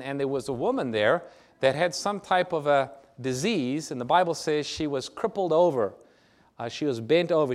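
Slightly high-voiced male preacher. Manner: asks the audience rhetorical questions; reads scripture aloud and explains it. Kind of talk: sermon. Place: church or lecture hall with a screen.

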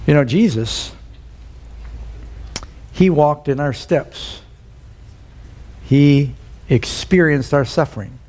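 A man's voice: medium pitch, darkish tone, slightly rough. A man preaching a sermon, telling a story and putting questions to the congregation. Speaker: pastor.

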